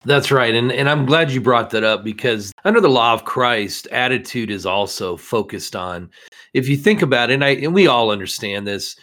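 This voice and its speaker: A man's voice: medium pitch, animated, normal speed, a bit bright. A man co-hosting a conversational Bible study discussion, explaining earnestly and reading scripture aloud.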